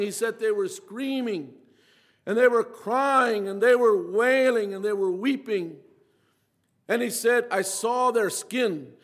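High-voiced man preaching in an echoing hall. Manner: earnest, repeats phrases, slows for emphasis. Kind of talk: sermon.

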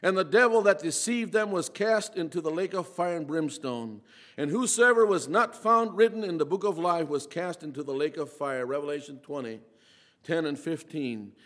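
Male preacher, high voice, earnest delivery with repeated phrases, long reverb. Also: moderate pace, a bit bright. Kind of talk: sermon.

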